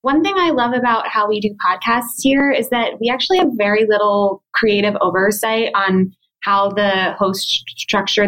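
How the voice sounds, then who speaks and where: A woman's voice: mid-range voice, a bit bright, poor audio. Woman guest on a podcast, chatty, says like a lot. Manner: chatty, fillers like "like". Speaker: podcast program manager, guest. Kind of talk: casual interview talk.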